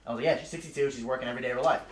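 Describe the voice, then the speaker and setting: Young new dude pitching hard, talks super fast, cussing and slang everywhere, echoey room. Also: male voice, slight background noise. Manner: swaggering, slangy and profane. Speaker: recruiting speaker. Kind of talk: hyped storytelling pitch to a small crowd. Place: house party room.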